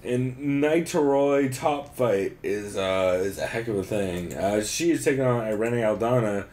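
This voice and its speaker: A man's voice: on the low side, lively intonation, unhurried, a little mellow. A man co-hosting a podcast, breaking down fight cards in a loose, profane, joking way and laughing often. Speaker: podcast co-host. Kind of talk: casual chat, fight breakdown.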